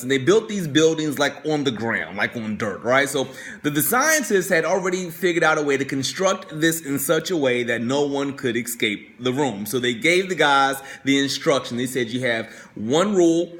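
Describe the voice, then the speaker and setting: A man's voice: mid-range voice, a bit bright. A male coach telling a story in a motivational talk, talking conversationally, repeating words and often asking "right?". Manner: conversational, keeps checking in with "right?".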